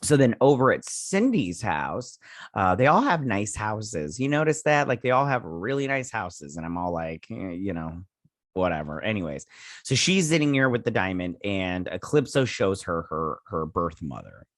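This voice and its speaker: A man's voice: lowish voice, very animated, moderate pace, no room sound, studio quality. A man hosting a casual episode recap and review, rambling through the plot with lots of fillers and sassy asides. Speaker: show reviewer, host.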